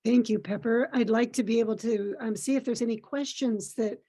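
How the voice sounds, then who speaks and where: A woman's voice: a little high, fairly even intonation, fairly quick, dark tone, slightly rough. A woman hosting a video call, inviting guests to ask their questions in a friendly way. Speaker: host.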